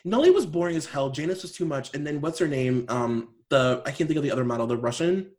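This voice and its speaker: A woman's voice: deep voice, animated, quick pace, warm tone. A young woman co-hosting a podcast in casual chat, laughing a lot and swearing. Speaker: podcast co-host.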